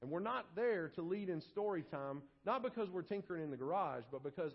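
Man preaching, high voice, animated delivery, dull lo-fi sound. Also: brisk, in a large hall. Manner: animated, acts out quoted voices and shouts for effect. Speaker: pastor. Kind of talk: sermon. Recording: dull lo-fi sermon audio.

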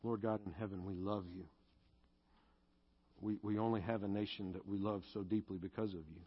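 Earnest low-voiced preacher, husky and lo-fi. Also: male voice, steady tone, normal speed. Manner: earnest, confessional, rising to fervent pleas in prayer. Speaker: pastor. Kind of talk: sermon and closing prayer.

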